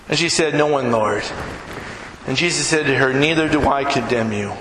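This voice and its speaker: A man preaching a sermon as pastor in a church, emphatic, climbing to near-shouts on key phrases. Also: medium pitch, moderate pace. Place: church sanctuary. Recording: echoey hall with background noise.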